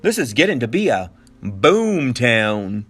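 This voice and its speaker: A genial, hat-tipping frontier banker from a storybook, as a male reader plays him. He talks in a slow, folksy drawl with lively rises and falls. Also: mid-range voice, breathy edge, faint music behind, pitched below the performer's own voice, full character voice.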